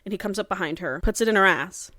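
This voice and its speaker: A woman on a podcast walks through a story, jumping into the characters' voices for quoted lines. Her voice sits at a middle pitch and sounds close and dry, with no room around it. She talks in a loose, chatty way. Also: fast, no room sound. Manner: animated, acts out characters' lines while recapping. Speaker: podcast co-host recapping a book. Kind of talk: casual chat, retelling a story with quoted lines.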